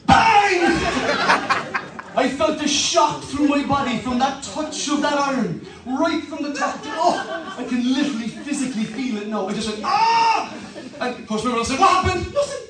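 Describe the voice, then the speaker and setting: A man's voice: very high-pitched, a little fast, very echoey, far from the mic, a crowd in the background, rough recording. An Irish man in his fifties, a pastor preaching a humorous, storytelling sermon. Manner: animated, humorous, conversational.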